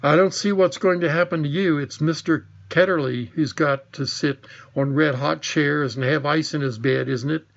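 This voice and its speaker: A man's voice: a little high, normal speed, gravelly, hardly any pauses, lo-fi sound. A man reading the part of a proud young girl who speaks coolly and sarcastically. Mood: tart. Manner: sarcastic, cool. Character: sharp-tongued young girl, sensible and proud.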